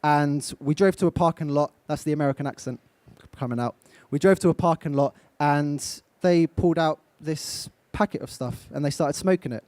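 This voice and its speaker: A young Englishman, a motivational speaker on an event stage, coaches his live audience directly and puts questions to them. His voice sits on the high side and is a little mellow, moving at a moderate pace with few pauses. The recording has no room sound.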